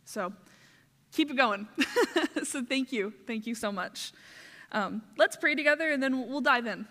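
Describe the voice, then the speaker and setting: A young woman, a ministry resident, speaking to her congregation with halting, emotional gratitude, close to tears. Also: a little high, pushed and bright. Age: young adult. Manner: tearful, halting, grateful. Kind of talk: church address and prayer. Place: church sanctuary. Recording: long hall reverb.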